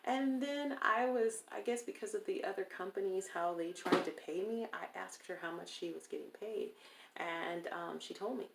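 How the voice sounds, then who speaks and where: Woman chatting about her own story, deep gravelly voice, acts out what people said, roomy echo. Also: moderate pace, heavy background noise. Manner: animated, acts out quoted people in a raised voice. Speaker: interviewee. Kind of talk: casual personal storytelling.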